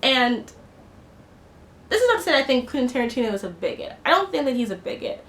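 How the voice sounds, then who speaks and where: Woman, film reviewer, higher voice, indignant and blunt, echoey room, faint hiss. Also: sing-song, fast, a bit bright. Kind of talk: opinionated spoken film review.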